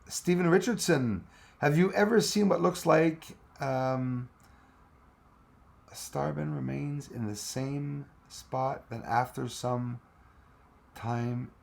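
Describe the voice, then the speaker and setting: A man's voice: mid-range voice, vocal fry. A man hosting a live stream, chatting casually and rambling as he answers viewers' comments with frequent laughs.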